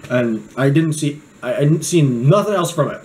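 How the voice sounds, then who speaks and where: Young adult male vlogger, lively swooping pitch, goofy and rambling, easily sidetracked. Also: normal speed, poor audio. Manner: goofy, joking, drifts off on tangents. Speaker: knife reviewer. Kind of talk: casual rambling vlog.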